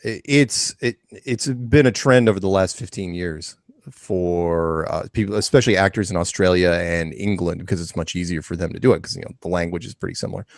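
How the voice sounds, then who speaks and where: A man co-hosting a podcast, talking in a relaxed, rambling way with halting restarts. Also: sits low, vocal fry, no room sound, studio quality. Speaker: podcast co-host. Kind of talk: casual chat.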